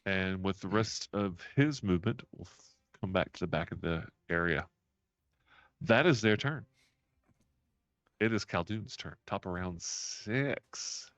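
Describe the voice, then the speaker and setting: A man running a tabletop role-playing game as game master, animated and often laughing. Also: low voice, a little slow, no room sound, lo-fi sound. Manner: animated, laughing, counting out moves.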